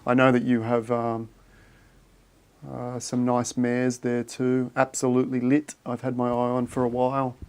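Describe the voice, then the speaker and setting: A man hosting a casual livestream. He thinks out loud and chats with viewers in a friendly, matey way. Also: medium pitch, completely flat delivery, moderate pace, clean tone. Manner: thinks aloud while reading viewer chat, matey and chatty. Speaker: livestream host.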